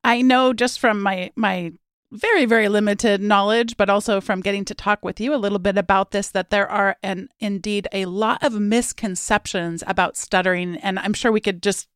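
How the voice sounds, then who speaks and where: A woman's voice: medium pitch, steady tone, normal speed, clean tone, no room sound. Woman podcast host, friendly and playful, dry recording. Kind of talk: interview questions.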